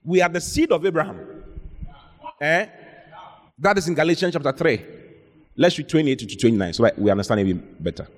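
A man's voice: a little high, lively intonation, fairly quick, pauses often. A man preaching a sermon, reading Bible verses aloud and calling out questions to the congregation. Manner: exhorting, calls out to the congregation, reads scripture aloud. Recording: long reverb of a hall.

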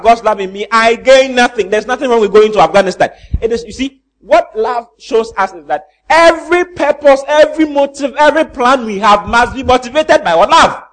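A man preaches with a high, bright voice. He teases his listeners with rhetorical questions and slips into comic impressions of church members. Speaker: pastor. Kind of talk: sermon.

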